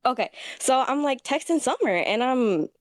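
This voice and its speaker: A woman caller telling a petty story about her exes to a streamer in an animated, casual way. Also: high-pitched, moderate pace, no room sound. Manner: animated, petty, acts out quotes. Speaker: caller asking for advice.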